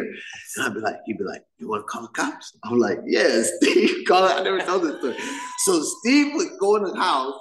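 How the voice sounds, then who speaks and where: A middle-aged man giving his personal recovery testimony to a live meeting, telling it loosely and acting out the voices of the people in his story. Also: medium pitch. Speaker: main speaker at a recovery meeting. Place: church meeting hall. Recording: echoey meeting hall.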